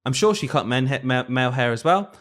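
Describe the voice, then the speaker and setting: Man, young adult, lively storyteller, laughs often, casual podcast chat. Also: mid-range voice, fast. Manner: animated storyteller, laughs a lot. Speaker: podcast co-host, primary school teacher.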